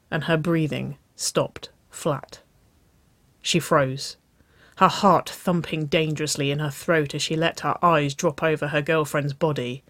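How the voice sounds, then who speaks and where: A reader narrating a romance story in a slow, soft, intimate way. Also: mid-range voice, no room sound. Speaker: audiobook reader.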